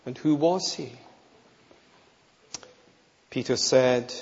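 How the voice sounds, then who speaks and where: A man's voice: medium pitch, extremely slow, darkish tone. A man preaching a sermon, emphatic and rhetorical, repeating key phrases for weight. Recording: long reverb, slightly dull sound.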